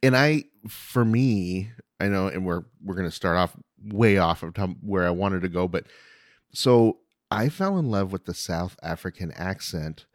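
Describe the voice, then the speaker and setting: A man's voice: low voice, lively intonation, unhurried, dry recording, clean studio sound. An American man hosting an interview podcast, talking in a friendly, rambling way with many restarts. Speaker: podcast host. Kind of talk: casual interview chat.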